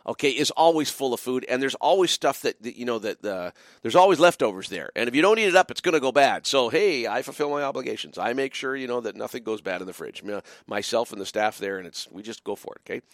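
A middle-aged man with a mid-range, expressive voice talks fast with few pauses as he hosts late-night call-in radio. A biker church pastor as well, he chats in a rambling, playful way, restarting often, using many fillers, and slipping in mock-drawling asides. The studio sound is clean, with no room sound.

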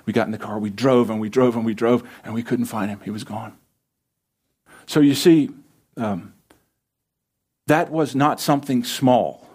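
A middle-aged man, a pastor, telling a personal story in a sermon in an earnest, conversational way, often dropping soft and quiet. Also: mid-range voice, a little slow, pauses often, breathy edge.

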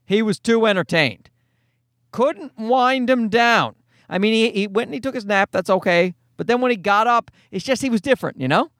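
A man's voice: high-pitched, animated, moderate pace, a bit bright, dry recording, studio quality. A young man from Canada, a podcast host ranting in a casual, profane, rambling, self-mocking way from a parked car in a garage. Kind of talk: casual comedic rant.

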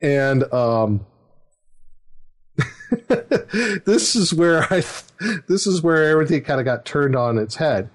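A man's voice: mid-range voice, expressive, slow, pauses often. A middle-aged man, a dungeon master, telling a story in casual chat, rambling with fillers and chuckles. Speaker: dungeon master, podcast host.

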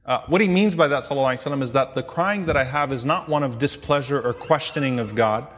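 A man's voice: mid-range voice, fairly bright tone. Earnest male lecturer in a reverberant hall. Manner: earnest, explanatory retelling with frequent pauses and restarts. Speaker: religious lecturer. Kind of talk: storytelling lecture.

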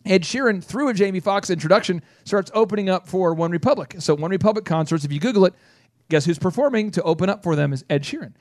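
High-voiced, lively radio host. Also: male voice, dry recording, clean studio sound. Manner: energetic storyteller who acts out quotes in quick bursts. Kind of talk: animated storytelling on a business radio show.

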